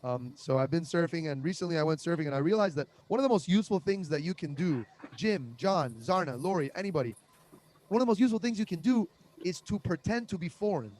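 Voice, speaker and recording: A young man doing a conversational comic monologue, deadpan and absurd, with lots of fillers, over a video call. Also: a little high, fast talker, a little hiss or hum. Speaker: comedian. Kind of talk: stand-up style comic monologue.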